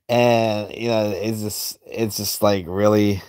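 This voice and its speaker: A man's voice: on the low side, fairly even intonation, slow pace, clear, resonant tone, no echo, studio quality. A man streaming and drawing as he comments in a crude, heavily profane, rambling way. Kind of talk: casual commentary while drawing.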